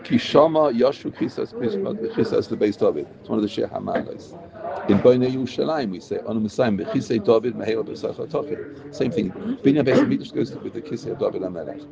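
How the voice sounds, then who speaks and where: Gravelly man teaching a Torah class. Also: medium pitch, big pitch swings, quick pace, lo-fi sound, crowd noise. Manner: translates Hebrew verses line by line, emphatic. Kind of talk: Torah class explaining prayer text.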